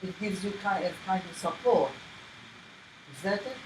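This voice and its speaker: A woman's voice: mid-range voice, moderate pace, recorded from a distance. A woman violin master in a masterclass conversation, probing with many questions. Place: room with violin playing. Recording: echoey room with background noise.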